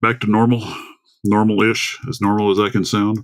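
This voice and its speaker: A man hosts a casual livestream from home, speaking into a desktop USB microphone and rambling chattily as he greets viewers by name. His voice is on the low side with a flat delivery at a moderate pace.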